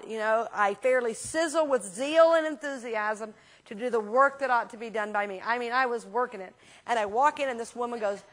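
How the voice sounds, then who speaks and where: A woman minister teaching a class in a church, talking casually and telling lively anecdotes with frequent restarts. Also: on the high side, fairly quick. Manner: chatty, animated storyteller with frequent restarts.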